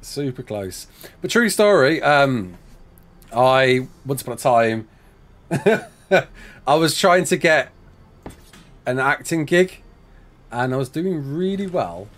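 Lively young West Midlands streamer. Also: male voice, mid-range voice, slow pace, pauses often. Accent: English West Midlands. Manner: chatty, laughs often, reads chat aloud. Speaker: game streamer. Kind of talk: casual live-stream chat.

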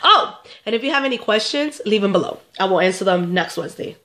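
A woman's voice: mid-range voice, animated, quick pace, sharp tone. Stuffy-nosed young woman giving chatty advice. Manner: chatty, repeats herself, talks straight to viewers. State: stuffed up, getting sick. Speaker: vlogger answering viewer questions. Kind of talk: casual advice vlog.

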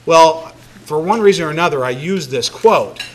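A man's voice: on the high side, animated, normal speed. A man speaking as a mayor addressing a large banquet room, joking and conversational, with frequent fillers. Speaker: mayor giving a city address. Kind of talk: public speech to a crowd.

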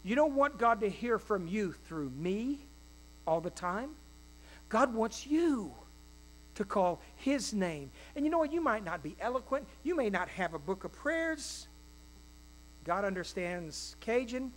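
A male pastor preaching a sermon in a folksy, animated way, with quick asides and acted-out quotes. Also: high-pitched, rough recording. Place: church.

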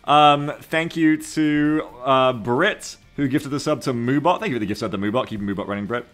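A man's voice: mid-range voice, normal speed, faint music behind. A man streaming a game and casually thanking subscribers and donors by name. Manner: thanking donors warmly, reading names. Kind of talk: casual live-stream chat.

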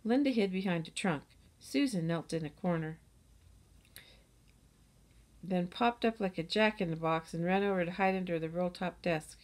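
A woman's voice: on the low side, moderate pace, long pauses. Woman reading a children's book. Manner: steady, storytelling. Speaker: narrator.

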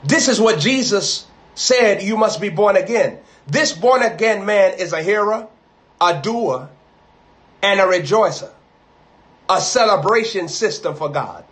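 A man preaching a live sermon, emphatic and rising to loud, high peaks on key words as he repeats and builds phrases into lists. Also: lively intonation, a little slow.

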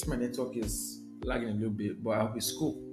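A man's voice: on the low side, steady tone, a little fast, a little mellow, roomy sound, faint music behind. A young man, teaching a live sales session in a conversational way, repeating his key points and checking in with viewers. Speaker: sales trainer.

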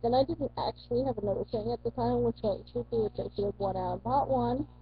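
A woman's voice: a little high, quick pace, slight background noise. A teenage woman vlogging in casual chat, rambling, correcting herself and swearing casually. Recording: dull lo-fi dry recording.

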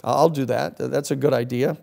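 A man's voice: medium pitch, moderate pace, creaky. A middle-aged man, a lawyer, giving a storytelling lecture and acting out the voices of people in his story. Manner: animated storyteller acting out quoted voices, laughing often.

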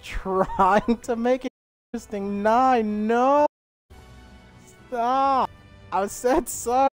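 A man streaming a story game, chatting casually with joking, apologetic banter. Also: extremely high pitch. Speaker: gaming streamer.

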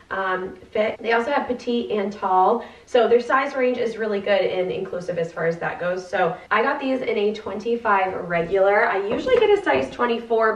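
Bubbly young woman filming a try-on haul. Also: mid-range voice. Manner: bubbly and chatty. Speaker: fashion vlogger. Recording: roomy, distant and slightly dull.

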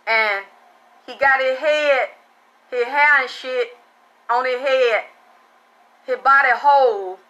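A woman host telling a story in a casual monologue, blunt and profane, who gets excitable and repeats herself. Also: high-pitched, slow pace, pauses often, muffled recording, faint music behind. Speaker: spiritual reader and channel host.

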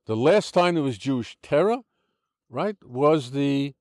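An older man with an American accent holds forth in an interview, arguing his points like a lecture and circling back with "look" and false starts. His voice sits at a middling pitch and sounds close and dry, with no room around it. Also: lively intonation, unhurried, a little mellow, no room sound. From United States. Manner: argumentative, lecturing with many restarts and "look". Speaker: interview guest.

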